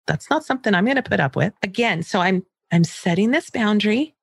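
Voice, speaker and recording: Brief: a middle-aged woman coaching parents, calm and gentle, close dry sound. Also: medium pitch, fairly quick, gravelly, breathy edge, no room sound. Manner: calm, gentle, acts out example dialogue. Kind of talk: teaching talk to parents.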